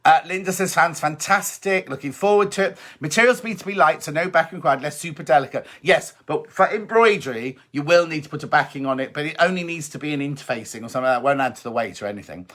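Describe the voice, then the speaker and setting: A man's voice: a little high, fast, few pauses, a bit bright. A man hosting a sewing live stream from home, chatting and reading out viewer comments in an upbeat way. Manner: chatty, upbeat, repeats points, reads comments aloud. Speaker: sewing show host.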